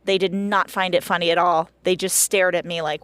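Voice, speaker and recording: A woman's voice: fairly low pitch, fairly even intonation, a little fast, a bit bright, clear, resonant tone, no echo. Chatty woman with a dry sound. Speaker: podcast co-host. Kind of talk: casual chat, running a game. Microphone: webcam call.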